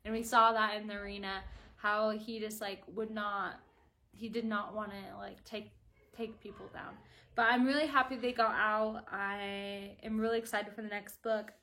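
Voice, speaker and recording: A woman's voice: medium pitch, flat delivery, normal speed, pushed and bright. A woman chatting casually to her viewers in a video review, gushing about a book and filling her talk with "like". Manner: gushing and chatty, with constant "like" fillers.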